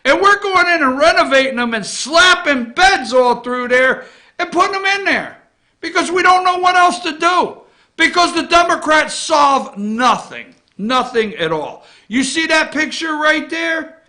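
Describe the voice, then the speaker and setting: On a morning opinion show, a male host rants about politics, swinging between loud, outraged shouts and low, muttered asides. His delivery is expressive and measured in pace.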